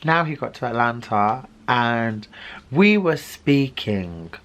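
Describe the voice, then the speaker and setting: Young male vlogger, mid-pitch, lively storyteller who acts out the dialogue. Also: takes it slowly, a little hiss or hum. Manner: animated, dramatic retelling with quoted dialogue. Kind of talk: storytime vlog.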